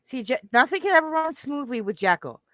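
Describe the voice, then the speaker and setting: Lady streamer chatting w her viewers, teasing and jokey, dry close sound, bright voice. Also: high voice, very animated, fairly quick, no echo. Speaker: livestream host. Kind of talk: casual chat to viewers.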